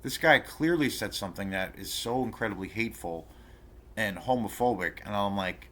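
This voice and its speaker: A man's voice: fairly low pitch, normal speed, fairly bright tone. A man hosting his own channel, telling an indignant story in a rambling, profane way, full of fillers and restarts. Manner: indignant, outraged. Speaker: channel host ranting to camera. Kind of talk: casual rant vlog.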